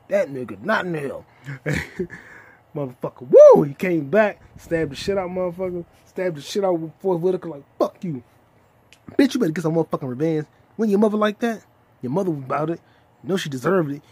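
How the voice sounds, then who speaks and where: A young man with a somewhat high, husky voice hosts a solo comedy podcast. He talks in a loose, profane rant that jumps into loud shouts without warning. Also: dry recording.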